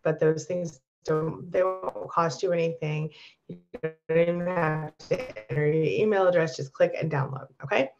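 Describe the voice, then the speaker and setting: Encouraging woman coach, gravelly voice. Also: deep voice, moderate pace, highs cut off, over music. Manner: warm, encouraging, reassuring. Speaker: coach for narcissistic abuse survivors. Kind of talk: live-stream chat reading viewer comments.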